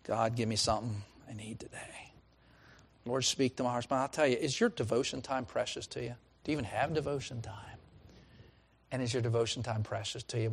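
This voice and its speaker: A middle-aged man preaching a sermon as pastor, swinging from loud calls to hushed lines. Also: medium pitch, fairly even intonation, fairly quick, vocal fry, husky.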